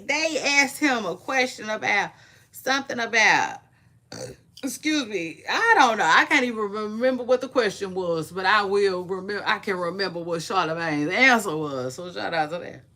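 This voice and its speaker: A woman hosting a casual celebrity gossip vlog, chatting to her viewers in a playful, drawn-out way with frequent asides. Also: medium pitch, big pitch swings, bright, forceful tone. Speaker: vlog host.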